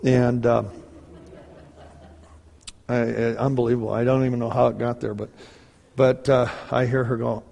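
A middle-aged man preaches a personal testimony. He acts out the dialogue in a lively way, in a voice with a gravelly creak. A long reverb from the hall trails after his words. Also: medium pitch, moderate pace, pauses often. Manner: animated storyteller acting out dialogue.

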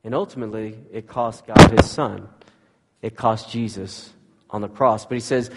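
A male pastor telling a family story in a conversational, animated way, then praying. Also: lowish voice, unhurried, vocal fry, breathy edge. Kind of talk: sermon with storytelling. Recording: long hall reverb.

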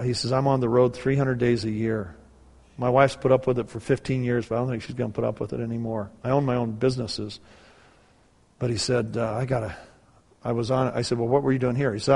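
Gravelly older man preaching in a hall. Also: medium pitch. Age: 60s. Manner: animated, swings from hushed to loud preaching. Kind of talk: sermon storytelling. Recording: long hall reverb.

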